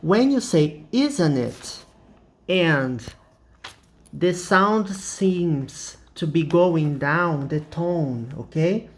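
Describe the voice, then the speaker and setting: Slow-paced Brazilian man teaching English. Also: fairly high pitch. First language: Portuguese. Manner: deliberate, checks in with frequent "okay?". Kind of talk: explaining grammar lesson.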